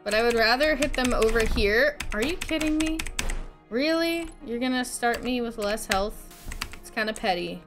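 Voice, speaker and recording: A woman's voice: fairly high pitch, expressive, moderate pace, over music. A woman streamer giving casual live gameplay commentary, chatty, talking back to the game's characters and laughing easily.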